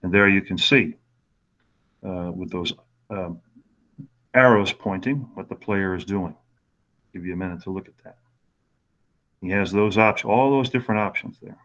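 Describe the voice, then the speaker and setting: An older man in his sixties leads a golf rules webinar over a video call, pausing often and filling gaps with ums. His voice sits fairly low. The audio is dull and lo-fi. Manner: relaxed, halting, lots of fillers. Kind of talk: webinar lecture with anecdotes.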